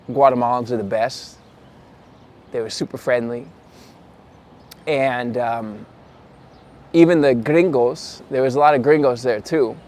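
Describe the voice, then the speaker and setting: A man's voice: mid-range voice, slight background noise. A young man vlogging to camera, telling a casual, rambling story and correcting himself as he goes. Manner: chatty, rambling, self-correcting; puts on voices when quoting people.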